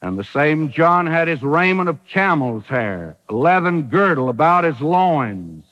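A man's voice: fairly high pitch, sing-song, measured pace, fairly bright tone, in a large hall, lo-fi sound. A man preaching a sermon, emphatic, with rhetorical questions and dry humor.

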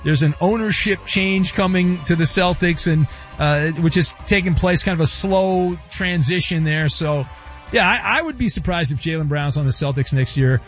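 Soft music plays behind a man with a highish, somewhat bright voice speaking at normal speed as he hosts a sports radio show. Loose and playful, he trades banter and wisecracks into a studio microphone, with slightly dull broadcast audio.

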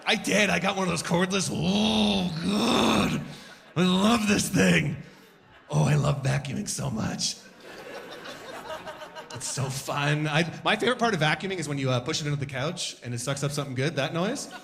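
A man performing a stand-up comedy set, animated and breaking into sudden loud outbursts as he acts out scenes. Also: fairly high pitch, fairly quick, creaky. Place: comedy club stage before a live audience.

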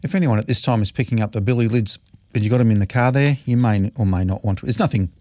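A man's voice: mid-range voice, quick pace, mellow, no room sound, clean studio sound. A man hosting a local radio show, introducing a clip in a chatty, hesitant way. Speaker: community radio host. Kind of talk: casual radio presenting.

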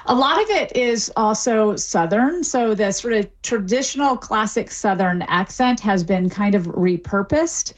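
A woman's voice: mid-range voice, lively intonation, unhurried, few pauses. A middle-aged woman, a linguistics professor, explaining fluently as a guest on a radio interview, with small restarts.

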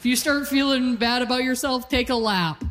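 A Calgary, Canada woman in her forties performs a self-deprecating stand-up set before a live audience, her voice sitting high at a normal speed. Her storytelling is punchy, and the live hall adds long reverb over a noisy background.

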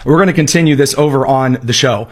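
A man's voice: mid-range voice, quick pace, breathy edge. A man hosting a political talk radio show, giving sarcastic, emphatic commentary, his voice a bit worn tonight.

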